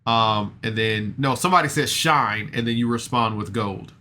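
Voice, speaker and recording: Bright-voiced man recapping casually. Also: fairly low pitch, moderate pace, a little hiss or hum. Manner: rambling, self-deprecating, heavy fillers. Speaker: podcast reviewer.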